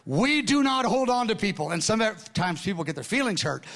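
An older man with a high-pitched voice tells stories from the pulpit in a loose, conversational way. He goes quiet and hushed at moments and often restarts his sentences. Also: very animated, brisk. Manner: conversational, acts out dialogue, laughs often; repeats and restarts, drops to hushed tones. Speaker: preacher. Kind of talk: storytelling sermon with notes.

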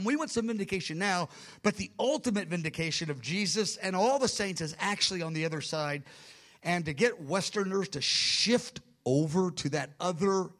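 A man's voice: high voice, fairly bright tone. A man teaching through a Bible book chapter by chapter, emphatic and repeating key words for stress.

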